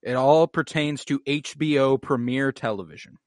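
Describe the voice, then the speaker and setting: A man's voice: medium pitch, normal speed, no room sound, studio quality. A man hosting a podcast in an eager, casual chat, quizzing his co-host.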